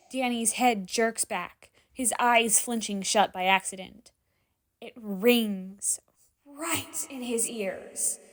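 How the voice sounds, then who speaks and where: Slow, expressive woman storyteller. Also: medium pitch. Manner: expressive, drops to hushed whispers in tense moments. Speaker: fanfiction reader. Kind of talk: dramatic story narration.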